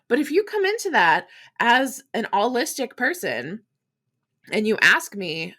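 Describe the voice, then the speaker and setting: A woman hosting a podcast, talking frankly and chattily in a solo monologue, with casual swearing and quick acted-out asides. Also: on the high side, sing-song, pushed and bright. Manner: acts out quoted voices in quick asides. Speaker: podcast host.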